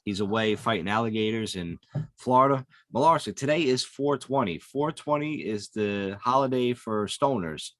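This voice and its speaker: A man's voice: on the low side, lively intonation, moderate pace, no echo, clean studio sound. A man hosting a podcast, chatting casually with crude, laid-back banter. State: drowsy from a gummy and cold medicine. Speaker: podcast host. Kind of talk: casual chat.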